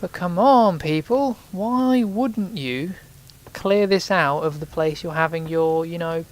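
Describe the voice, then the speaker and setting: A man's voice: fairly high pitch, normal speed, poor audio. A man giving casual let's play commentary, chatty and reacting aloud with sudden exclamations as he plays.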